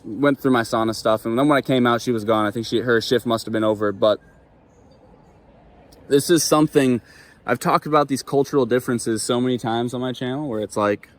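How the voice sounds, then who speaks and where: A young man with a mid-range voice tells a story straight to camera, loose and unscripted. His talk is casual and profane, full of "like" and "dude". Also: mid-range voice. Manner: laid-back, profane, heavy on "like" and "dude". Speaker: vlogger.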